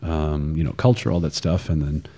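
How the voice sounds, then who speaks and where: A man co-hosting a casual talk show, telling stories with animated quoted asides. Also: very deep voice, moderate pace. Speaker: podcast co-host. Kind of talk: casual conversational chat. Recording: long hall reverb.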